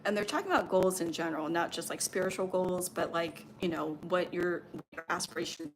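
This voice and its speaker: Lower-voiced woman channeling spiritual messages. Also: fairly quick, slight background noise. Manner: meandering, filler-heavy, reassuring. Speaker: spiritual medium and Reiki healer.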